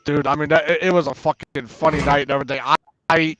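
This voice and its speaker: Male host, high voice, dry close sound, rambling cursing storyteller. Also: steady tone, quick pace, fairly bright tone, no room sound, muffled recording. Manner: profane, laughs often, repeats himself. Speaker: panel host. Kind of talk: casual storytelling.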